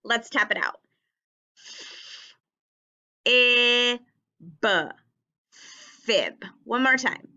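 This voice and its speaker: A woman leads a phonics lesson for young children, sounding out each word slowly and spelling it letter by letter. Her voice is bright and carefully enunciated, and the recording is dull and lo-fi. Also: a little high. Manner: drawn-out, clearly enunciated words, spelling letters out. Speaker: teacher.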